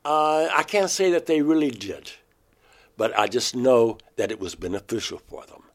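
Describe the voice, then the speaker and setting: A man with a mid-range voice, a painter, is interviewed about a strange thing he experienced. His telling is halting, with restarts mid-phrase, and his voice shoots upward when he quotes himself.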